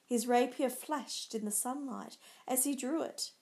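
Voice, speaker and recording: A woman narrating a dramatic story in a measured storybook style. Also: high voice, a little mellow.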